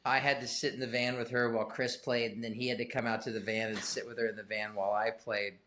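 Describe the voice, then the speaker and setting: Man, middle-aged, podcast guest, loose rambling talk, self-mocking, mid pitch. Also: level tone, fast talker, a bit bright, slight background noise. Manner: rambling, self-deprecating, swears casually. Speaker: guest musician. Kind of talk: casual podcast chat.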